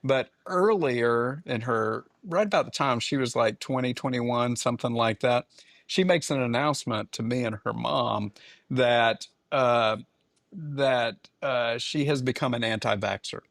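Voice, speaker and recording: A man's voice: medium pitch, a little slow, dry recording, clean studio sound. A man in his fifties, a podcast co-host, telling a family story in casual chat and acting out the quoted lines. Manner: animated storyteller, acts out quotes.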